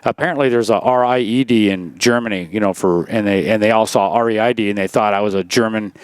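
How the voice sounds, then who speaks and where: A man's voice: on the low side, fast, smooth, no echo. A man in his sixties, a former racer telling stories in a casual interview, rambling with lots of "you know" and restarts.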